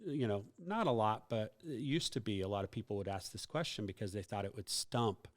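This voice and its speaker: A man's voice: fairly low pitch, brisk. A man hosting a casual youth ministry podcast, explaining faith questions in a teacherly way with many fillers and joking asides.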